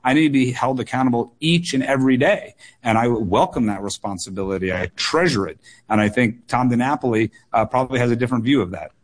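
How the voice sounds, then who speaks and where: A man's voice: medium pitch, fast talker. A man in his thirties, a political candidate answering questions on a radio call-in show, earnest and repeating words for emphasis. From United States.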